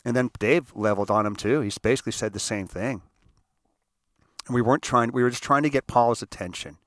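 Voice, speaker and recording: An older man tells a personal story with a lot of feeling, his mid-range voice recorded close and dry. He rambles, then turns emphatic and forceful when the memory stings. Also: medium pitch, fairly quick, no echo. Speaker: host.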